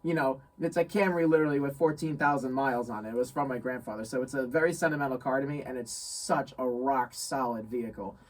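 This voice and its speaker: A young man from New York telling a story in casual chat, animated, laughing often and repeating phrases. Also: medium pitch, fast talker, hardly any pauses, far from the mic, low-quality recording. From New York State. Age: young adult. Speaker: guest friend.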